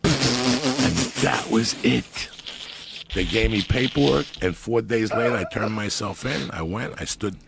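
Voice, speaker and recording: A middle-aged man telling stories in casual podcast talk, profane and animated. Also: lowish voice, measured pace, creaky, background noise. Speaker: guest storyteller.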